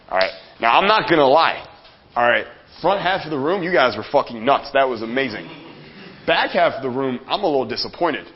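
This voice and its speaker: A man giving a live motivational seminar talk, energetic and profane, speaking straight to the audience in the room. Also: mid-range voice, fast talker, slight background noise. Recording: dull lo-fi sound.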